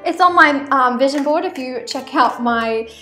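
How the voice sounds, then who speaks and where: A chatty Australian woman with a high, bright voice rambles through an oracle card reading for her vlog, full of "um" and "like" asides. She sounds like she is in an echoey room, and soft music plays faintly behind her. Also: normal speed. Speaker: spiritual vlogger reading oracle cards.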